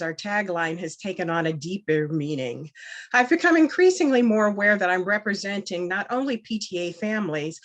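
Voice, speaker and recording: A woman's voice: fairly low pitch, a bit bright. A woman candidate giving a campaign speech and then answering questions, earnest and emphatic, hesitating with fillers when unscripted. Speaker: board candidate.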